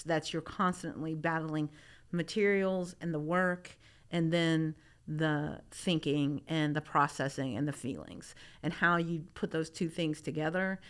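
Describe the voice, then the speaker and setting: A middle-aged woman artist from Memphis, talking casually in an interview, rambling with many restarts. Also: sits low. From Memphis, Tennessee. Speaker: artist guest.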